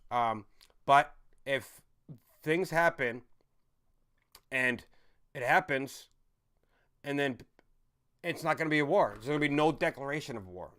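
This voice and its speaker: A man in his thirties from the United States, hosting a casual livestream, ranting angrily and swearing, swinging from loud outbursts to low muttering. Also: animated, unhurried, long pauses. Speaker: livestream host.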